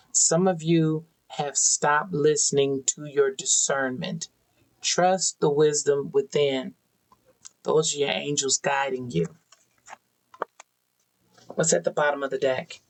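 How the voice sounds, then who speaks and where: A tarot reader talking slowly and deliberately to an unseen audience, pulling oracle cards and drawing lessons from them. The delivery is earnest and preachy, and key phrases come back again and again. The voice sits at an ordinary middle pitch. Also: steady tone, gravelly, rough recording. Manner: preachy, earnest direct address with repetition. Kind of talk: spiritual oracle card reading addressed to viewers.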